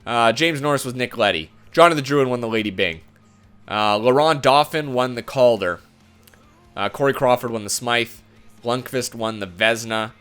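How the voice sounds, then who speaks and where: A man's voice: medium pitch, normal speed, fairly bright tone, clear, resonant tone, faint music behind. A young man giving frustrated, swearing commentary while he plays a hockey game. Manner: exasperated, swearing, ranting. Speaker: gaming video host.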